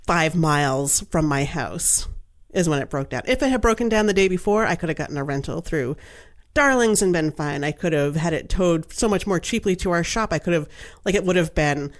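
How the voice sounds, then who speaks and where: A middle-aged woman from Maine with a low-sitting voice talks fairly quickly. Co-hosting a podcast, she tells a story in casual chat as an animated storyteller, acting out the quoted voices of the people in it and laughing often.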